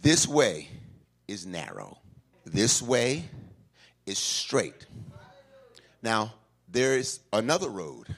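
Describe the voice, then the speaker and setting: A male pastor preaching in a church, swinging from shouts to hushed asides and calling for responses. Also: lowish voice, sing-song, drawn-out words, pauses often, husky. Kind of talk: call-and-response sermon.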